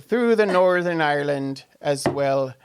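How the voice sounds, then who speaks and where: A man doing a hammy put-on Northern Irish and Scottish voice, slow and drawn out. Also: on the high side, animated, smooth.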